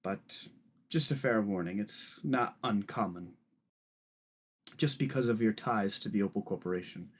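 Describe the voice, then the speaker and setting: A proud corporate official who chooses his words slowly and formally, as a man voices him. He sounds polite and measured in a tabletop game, close to an ordinary speaking voice. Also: lowish voice, breathy edge.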